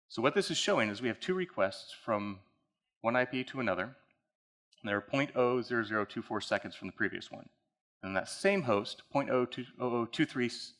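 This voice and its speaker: Bright-voiced man giving a technical talk. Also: on the low side. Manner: casual and conversational, addresses the audience directly. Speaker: conference speaker. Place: conference hall.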